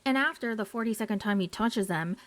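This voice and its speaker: A woman's voice: mid-range voice, brisk. A woman giving a sarcastic, gossipy recap of a TV show for a YouTube video.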